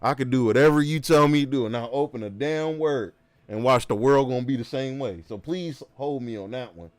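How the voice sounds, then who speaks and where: A game streamer talks casually to his livestream, slipping into animated, emphatic rants full of slang and recurring asides. He speaks fairly quickly in a mid-range voice.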